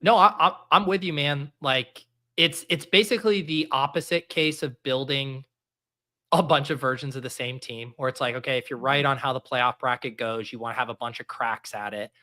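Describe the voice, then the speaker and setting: A man's voice: mid-range voice, moderate pace, pushed and bright. A man hosting a casual fantasy football show, thinking aloud with fillers and restarts. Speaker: podcast host.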